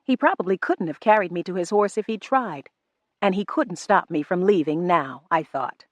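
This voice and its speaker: A woman reading a novel aloud in first person, measured and restrained. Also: lowish voice, big pitch swings, dry recording, muffled recording. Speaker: audiobook narrator. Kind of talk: first-person audiobook narration.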